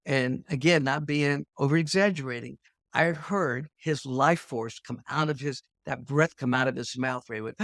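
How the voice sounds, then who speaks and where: An older man, a podcast host, telling a personal fight story in an animated way and acting out the scenes. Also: medium pitch, moderate pace, no room sound, studio quality.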